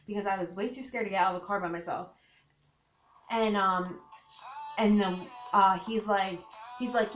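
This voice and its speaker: A woman's voice: medium pitch, normal speed, long pauses, fairly bright tone. A young woman telling a storytime on her vlog, casual and breathless, with lots of filler words and emphatic disbelief. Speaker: vlogger. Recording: echoey room with faint music.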